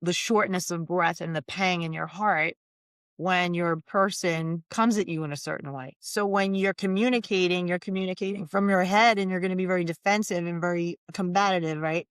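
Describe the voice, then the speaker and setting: A woman's voice: lowish voice, steady tone, moderate pace, clean tone, no echo, studio quality. Emphatic woman coaching on relationships. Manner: emphatic, acts out little scenes with voices. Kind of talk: casual interview chat.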